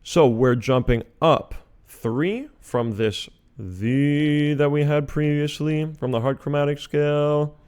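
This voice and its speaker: A man's voice: on the high side, steady tone, takes it slowly, darkish tone, clean tone. A man giving a chant lesson, patiently explaining the scale and singing the note names. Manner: patient, methodical explanation, breaking into sung syllables. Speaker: chant teacher.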